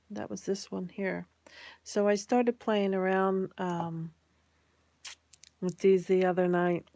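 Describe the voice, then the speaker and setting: A woman vlogging casually about her molds, excited and chatty, sometimes dropping to a near-whisper. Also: lowish voice, creaky, dry recording. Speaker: crafts vlogger. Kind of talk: casual chat.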